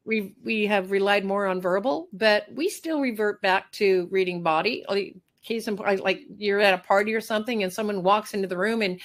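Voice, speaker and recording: A middle-aged woman who is a master groomer gives an animated workshop talk in a medium-pitched voice. She repeats phrases and acts out little dialogues.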